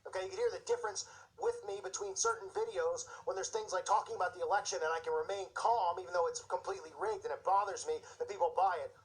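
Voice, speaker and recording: A man's voice: high voice, poor audio. A man hosting his own show, delivering an agitated, indignant religious commentary rant with mocking asides. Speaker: show host.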